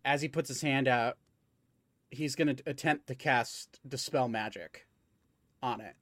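Man, game master, mid-pitched voice, dry close sound, hesitant. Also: measured pace, fairly bright tone, dry recording. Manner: hesitant, many fillers. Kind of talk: narrating a tabletop game.

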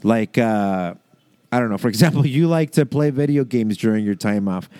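A man's voice: on the low side, animated, moderate pace, dark tone, no echo. A man co-hosting a casual chat, rambling with lots of fillers and laughs, reading excerpts aloud. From American South. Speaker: podcast co-host.

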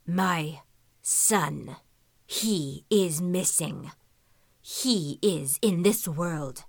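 A woman voicing a hulking clawed beast that speaks in a gruff, slow, halting growl. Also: fairly low pitch, dry recording, studio quality, heavily acted. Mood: urgent.

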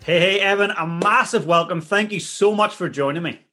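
A man hosting a podcast, reading his show intro and a guest introduction in an upbeat, energetic way, then greeting his guest. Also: high-pitched, moderate pace, music in the background. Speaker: podcast host and success coach.

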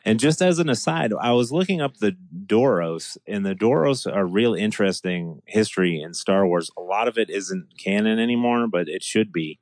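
A man's voice: fairly low pitch, animated, normal speed, hardly any pauses, a little mellow, no room sound. A man talking in a casual podcast chat, enthusiastic and rambling, with restarts and laughs.

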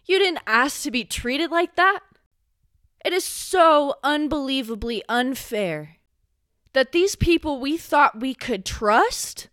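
A young woman hosting a solo podcast, speaking with raw emotion and swearing, sometimes rising to a yell. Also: high-pitched, expressive, slow, dry recording, clean studio sound. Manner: impassioned, swearing, rising to yelling when angry. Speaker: podcast host.

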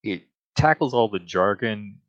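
A man co-hosting a podcast, chatting casually and explaining things at a measured pace with some hedging. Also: on the low side, lively intonation, no room sound, lo-fi sound. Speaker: podcast co-host. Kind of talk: casual chat.

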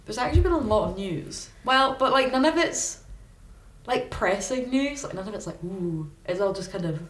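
A woman with a stuffy cold, co-hosting a podcast and telling chatty, animated stories. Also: fairly high pitch, moderate pace, roomy sound. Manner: chatty, animated storytelling with swearing. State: congested with a cold. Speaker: podcast co-host. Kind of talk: casual chat.

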